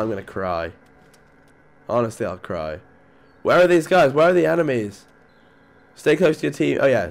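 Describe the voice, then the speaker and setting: A man with a stuffy nose from a cold, giving excitable live commentary over his gameplay, muttering one moment and yelping the next. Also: mid-range voice. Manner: excitable, jumps between mutters and yelps. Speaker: gaming video creator.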